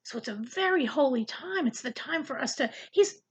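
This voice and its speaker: A woman's voice: high-pitched, expressive, moderate pace, a little hiss or hum, low-quality recording. A woman giving a casual, earnest Bible study lesson, talking conversationally and often repeating words as she searches for the next thought. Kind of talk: casual Bible teaching to camera.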